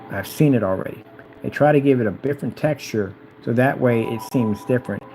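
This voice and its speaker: A man's voice: mid-range voice, mellow, low-quality recording. Hyped man rambling over music. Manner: hyped, repetitive, reads instructions aloud haltingly. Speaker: DIY projector screen vlogger. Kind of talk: casual self-recorded commentary.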